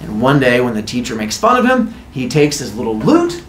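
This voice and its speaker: A man's voice: mid-range voice, huge pitch swings, fairly quick, crowd noise. A man teaching a class, retelling a myth in a playful, jokey storytelling way. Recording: echoey classroom.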